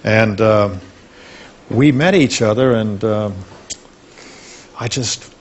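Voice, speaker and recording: An older man speaks in a low, settled voice as a guest on a studio talk show. He reminisces fondly and unhurriedly about the people he has known. A faint hiss sits under the recording. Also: slow, lo-fi sound.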